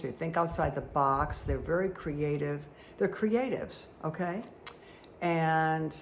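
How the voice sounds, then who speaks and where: A woman's voice: low voice, creaky, a little hiss or hum. A woman giving a card reading for her viewers, chatty and rambling, who often checks in with "okay?". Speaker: spiritual guide reading tarot and angel cards. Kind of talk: casual talk to viewers while reading cards.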